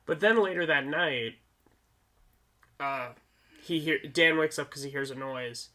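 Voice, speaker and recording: A man's voice: a little high, measured pace. A man co-hosting a podcast, casually recapping a movie and acting out the characters' lines as he goes. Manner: animated retelling of scenes, acting out lines. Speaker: podcast co-host. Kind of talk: casual movie review chat.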